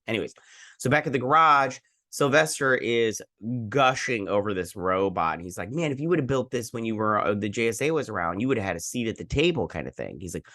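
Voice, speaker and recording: A man hosting a casual recap show, retelling scenes in a rambling, animated way and quoting characters. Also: lowish voice, fast, dry recording, clean studio sound. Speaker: host.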